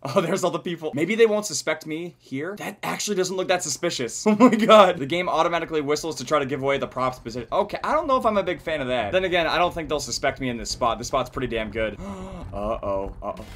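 A young man hosting a gaming channel, giving casual, profane gameplay commentary with lots of yelling and laughing. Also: a little high, quick pace, hardly any pauses. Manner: excitable, profane, yelling and laughing during play.

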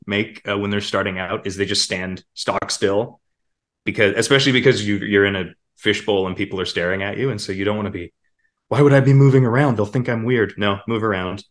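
A man, a voice actor, chatting casually in an interview and now and then slipping into quick character voices. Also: on the low side. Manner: relaxed, demonstrates character voices in passing. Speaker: voice actor guest.

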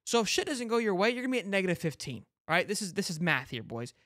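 A brash man hosting a sports podcast, talking in a fairly high voice with loose fan energy, swearing and stumbling over his own restarts. The sound is dry and close to the mic. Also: very animated, quick pace, pushed and bright, no room sound. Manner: brash hype talk, swears, lots of "like" and restarts. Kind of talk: fired-up fan commentary, casual chat.

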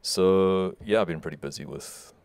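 A South African musician with a South African English accent, chatting in a laid-back, joking way as a radio guest. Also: male voice, deep voice, normal speed, darkish tone, smooth, no echo. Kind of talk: casual radio interview.

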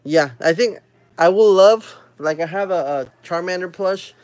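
A man hosting a live stream, opening trading card packs with excited casual commentary, humming while he opens them and chatting with viewers. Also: sits high, measured pace, no echo. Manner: chats with viewers and reads their comments aloud.

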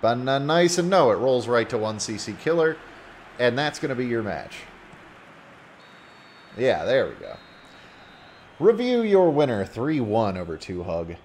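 A man casually commentating a video game football match play by play, getting loud when a goal goes in. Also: mid-range voice, normal speed, long pauses, a little hiss or hum. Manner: casual, rising excitedly on goals.

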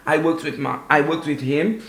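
Animated man telling stories in an echoey room. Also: on the high side, moderate pace, gravelly. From Saint Lucia. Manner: animated, expressive, often asks "you know what I mean?". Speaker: interviewee. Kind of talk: casual storytelling in an interview. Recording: roomy echo.

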